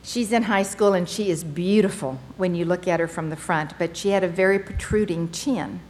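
Older woman telling her story, low-pitched. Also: normal speed, darkish tone. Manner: candid storytelling with wry humor, voicing others in quotes. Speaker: speaker sharing her recovery story. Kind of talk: personal testimony talk.

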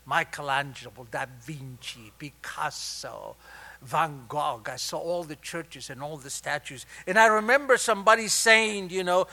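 An older man from Argentina with an Argentine Spanish accent, telling his life story at a recovery meeting in an animated, humorous, confiding way. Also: a little high, a little slow. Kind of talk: personal storytelling talk.

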